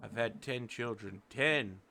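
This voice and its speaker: A man's voice: mid-range voice, slow pace, noisy background. A man voicing an old male rabbit elder who rambles fussily in a tabletop game. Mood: fretful. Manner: rambling, fretful monologue.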